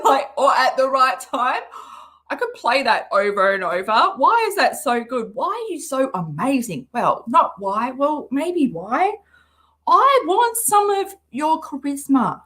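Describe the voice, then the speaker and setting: A woman hosting a reaction livestream, talking in an animated, sarcastic way and laughing often. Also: high-pitched, unhurried. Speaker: livestream host.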